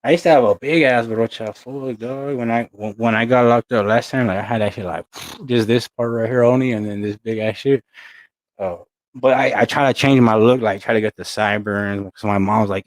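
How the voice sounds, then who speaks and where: A man's voice: mid-range voice, moderate pace, no echo. Laid-back man telling street stories. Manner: loose street slang, rambling storytelling. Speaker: channel host. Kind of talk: casual chat to camera.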